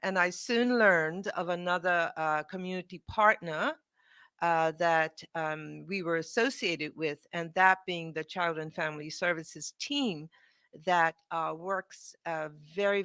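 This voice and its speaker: A woman's voice: lowish voice, a bit bright, no room sound, clean studio sound. A woman with a Bermudian accent, a charity's executive director, speaking off the cuff at a press conference. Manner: unscripted, fillers and restarts.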